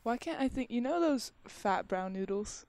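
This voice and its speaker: A young woman guest on a podcast, giggly and soft-spoken with many "yeah"s. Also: fairly high pitch, animated, moderate pace, no echo. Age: young adult. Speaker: podcast guest, basketball player. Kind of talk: casual interview chat.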